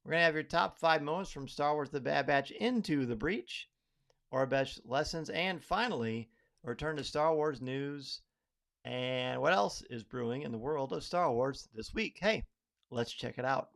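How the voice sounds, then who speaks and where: A man's voice: a little high, expressive, normal speed, vocal fry, fairly bright tone. A man hosting a live podcast, upbeat and chatty, greeting viewers by name as they arrive. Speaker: podcast host.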